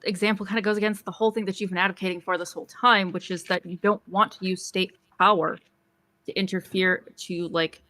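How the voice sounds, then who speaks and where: A woman's voice: mid-range voice, fairly even intonation, fairly quick, bright, forceful tone, no echo. A woman on a debate panel, challenging the other side with pointed questions and frequent "like" fillers.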